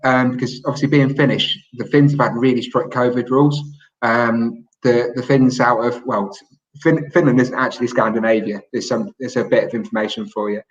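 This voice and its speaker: A man's voice: mid-range voice, fairly even intonation, brisk. A man co-hosting a sports podcast in casual chat, rambling with lots of ums and restarts. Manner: rambling, many fillers and restarts. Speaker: podcast co-host and MMA pundit. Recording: echoey, muffled remote mic.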